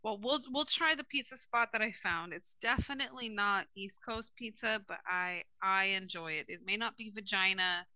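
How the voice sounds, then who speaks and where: A woman co-hosting a podcast in casual chat, brash and profane, telling animated stories. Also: mid-range voice, normal speed, few pauses, dry recording. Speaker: podcast co-host.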